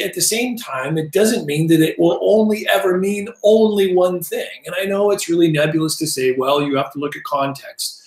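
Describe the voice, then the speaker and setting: Fifties man, slightly high voice, teaching Bible language in a wandering, halting, self-deprecating way; echoey room. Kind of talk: casual explanatory lesson. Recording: roomy echo.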